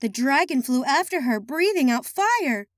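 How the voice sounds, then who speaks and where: A woman reading a children's picture book aloud in a high, lively, sing-song voice. Her pitch rises and falls expressively, recorded close and dry. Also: moderate pace, no echo. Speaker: children's story reader.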